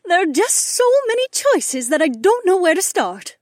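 A man voicing a cheerful young woman who loves to cook, in an audiobook, speaking in a bright, eager, upbeat way. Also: very high-pitched, very animated, moderate pace, no room sound, clean studio sound, voice pushed up, heavily acted. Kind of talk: audiobook character voice.

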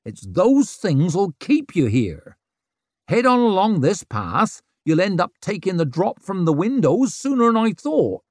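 A man voicing a blunt, dry-witted wild hill woman who mocks and lectures in rough country grammar. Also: fairly low pitch, very animated, a little slow, a little mellow, no echo, pitched above the performer's own voice. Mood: wry.

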